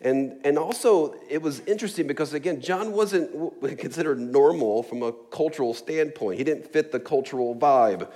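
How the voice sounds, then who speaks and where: A man's voice: a little high, animated, normal speed, hardly any pauses, warm tone. A man preaching a sermon in a casual, joking way, with chuckles, asides and many fillers. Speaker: pastor.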